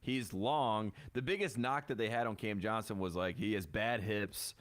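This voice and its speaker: A man's voice: lowish voice, normal speed, fairly bright tone. A man co-hosting a sports podcast, talking basketball in a loose, joking, chatty way. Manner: joking, rambling basketball banter with frequent laughs. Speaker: podcast co-host. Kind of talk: casual sports chat.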